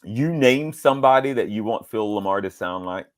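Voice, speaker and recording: A middle-aged man from the American South, a voice actor telling animated stories in a casual interview. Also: normal speed. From Southern United States, Georgia. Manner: animated storyteller, leaps up high when quoting people. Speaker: voice actor guest.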